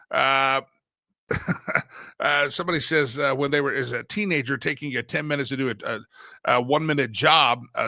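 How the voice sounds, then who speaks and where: A man's voice: mid-range voice, bright, forceful tone, dry recording, clean studio sound. A man hosting a casual live talk show, chatty and folksy, chuckling as he reads out viewers' sayings. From Southern United States. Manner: chatty, folksy, laughs often.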